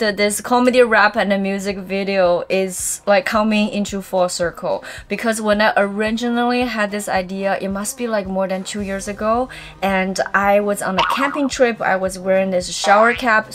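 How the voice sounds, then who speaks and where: A woman's voice: medium pitch, fairly bright tone. A woman stand-up comedian for whom English is a second language, talking casually and upbeat to camera with many fillers. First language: not English. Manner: chatty, upbeat, with frequent fillers. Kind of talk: casual promotional talk to camera.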